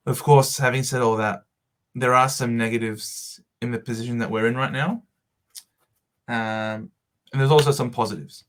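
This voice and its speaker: A man in an excited, over-the-top emotional vlog monologue, with shouts and dramatic pauses. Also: mid-range voice. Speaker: fantasy football vlogger.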